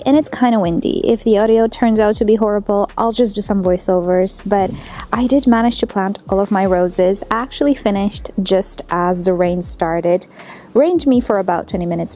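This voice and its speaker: Woman, gardening vlog host, mellow warm tone, chatty and upbeat, recorded outside in the garden. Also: mid-range voice. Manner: chatty, enthusiastic, self-deprecating. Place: outdoor garden, windy day.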